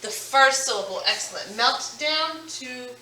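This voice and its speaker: Slow, bright-voiced woman teacher. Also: high-pitched, animated, reverberant, far from the mic, slight background noise, low-quality recording. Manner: slow, drawn-out word modelling with praise. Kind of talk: recorded phonics lesson.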